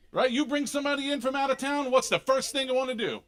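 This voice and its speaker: A middle-aged man from Philadelphia with a Philly accent, doing an animated, punchy stand-up comedy set on a club stage. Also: very high-pitched, quick pace. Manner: animated, punchy delivery with sudden loud bursts.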